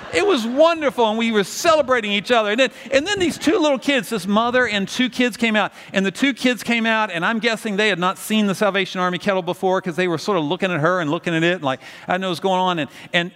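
A man preaching a sermon, telling a story with lively acted-out voices. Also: high voice, fast, few pauses, in a large hall. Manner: animated storytelling, acts out voices. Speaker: pastor.

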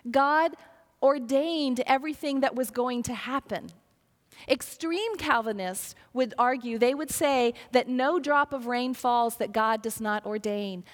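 High-voiced woman preaching a sermon. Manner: earnest, storytelling, acts out quoted voices. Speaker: pastor. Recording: long reverb of a large hall.

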